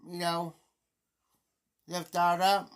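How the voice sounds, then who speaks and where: A man's voice: high-pitched, little pitch movement, extremely slow, smooth. Rambling middle-aged man telling a story. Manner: rambling, repeats himself often. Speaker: live streamer. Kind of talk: casual storytelling.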